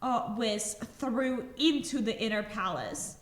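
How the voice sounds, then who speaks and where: A woman game master narrating a tabletop game with slow, dramatic scene-setting. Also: fairly high pitch. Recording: echoey room.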